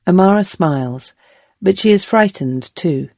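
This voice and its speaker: A woman narrating a historical novel as an audiobook in a calm, measured storytelling manner. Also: low-pitched, no room sound.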